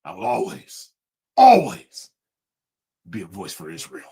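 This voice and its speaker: A man doing a deep mock-solemn pledge. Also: a little fast, darkish tone, slightly rough. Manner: droning, mock-solemn mimicry.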